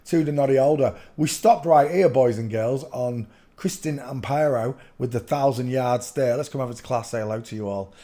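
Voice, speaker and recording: Guy rambling on his livestream at home, goes loud out of nowhere. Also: mid-range voice, normal speed, hardly any pauses. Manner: rambling, with sudden loud outbursts. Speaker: livestream host. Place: home room with a projector.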